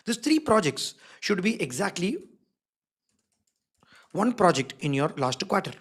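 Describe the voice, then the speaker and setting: A man teaching a live online design workshop speaks a little slowly in a high, slightly bright, husky voice that swings widely in pitch. As an emphatic instructor, he stresses and repeats key words and checks in with the audience over and over.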